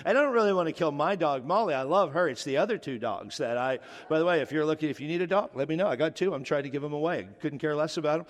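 A man's voice: a little high, lively intonation, fast talker, hardly any pauses. A middle-aged man, a pastor, preaching a sermon in a loose, joking, conversational way, often restarting his sentences. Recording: long hall reverb.

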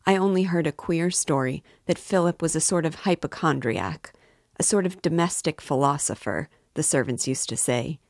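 A composed young woman answers in a cool, dry tone, read by a woman. Her voice sits low. The recording is close and dry. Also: lively intonation, normal speed, dry recording.

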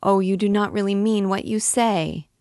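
A woman's voice: mid-range voice, normal speed, darkish tone, no echo, studio quality, voice pushed up, lightly acted. A woman reading aloud as an anxious young noblewoman in love who presses with pleading questions.

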